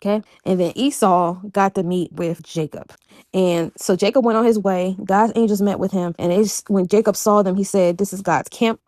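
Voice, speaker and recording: A woman's voice: mid-range voice, steady tone, moderate pace, a little mellow, no room sound, clean studio sound. A woman casually retelling a bible story in a chatty, digressive way, full of asides. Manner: chatty, digressive, fillers like "you know".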